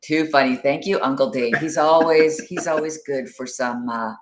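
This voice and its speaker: A woman with a rumbling low voice co-hosts a live social media show at a moderate pace. She reads viewer comments in casual chat, greets people by name and laughs often.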